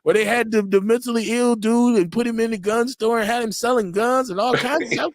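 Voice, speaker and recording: A man hosting a casual political talk show, animated and profane, laughing often. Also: a little fast, hardly any pauses, no room sound, clean studio sound. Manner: animated, laughs often, profane, jumps high in pitch for quoted voices. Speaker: livestream radio show host. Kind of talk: casual political talk reading chat comments.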